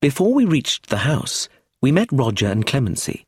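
Husky, expressive male audiobook narrator. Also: mid-range voice, normal speed, no room sound, clean studio sound.

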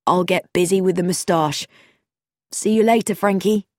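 A woman reading a storybook, voicing an anxious, caring young man in a slightly lower, earnest tone. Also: steady tone, moderate pace, a little mellow, no echo, clean studio sound, lightly acted.

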